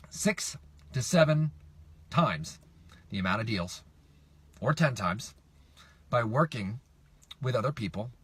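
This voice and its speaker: Middle-aged male coach, punchy and repetitive, tense bright tone. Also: mid-range voice, husky. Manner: emphatic, repetitive, asks viewers for responses. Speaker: real estate investing coach. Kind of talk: direct-to-camera coaching talk.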